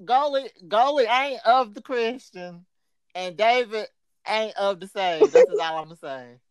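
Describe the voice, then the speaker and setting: A podcast host in a casual gossip chat, lively, quick with quips. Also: medium pitch, smooth, no echo.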